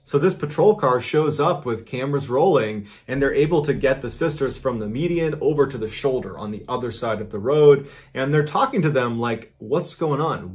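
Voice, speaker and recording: A man in his thirties narrating a true story as host, building tension and punching key moments with sudden emphasis. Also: medium pitch.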